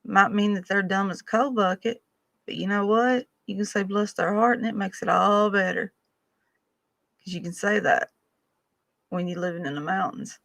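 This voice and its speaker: A woman telling homespun, funny stories. She speaks in a gravelly voice with a folksy, drawn-out delivery. The sound is dry and close to the mic. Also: mid-range voice, a bit bright, dry recording. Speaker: storyteller vlogger. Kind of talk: casual storytelling.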